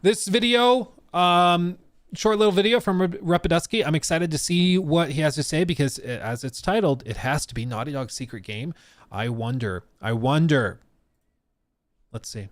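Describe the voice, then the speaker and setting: A man's voice: a little high, moderate pace, no echo, studio quality. A man hosting a live stream, chatting casually and laughing often. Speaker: streamer host.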